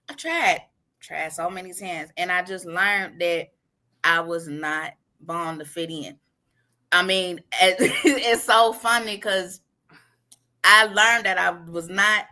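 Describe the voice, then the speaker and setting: A woman from Ohio with a distinctive accent that others cannot place, a guest author in a casual interview who tells stories with laughter and acts out what people said. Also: fairly low pitch. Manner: animated, laughing storyteller who acts out quotes.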